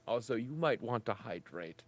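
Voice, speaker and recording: A man voicing a cautious, level-headed male adventurer who speaks deliberately and a little wryly. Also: medium pitch, lively intonation, dry recording, natural voice.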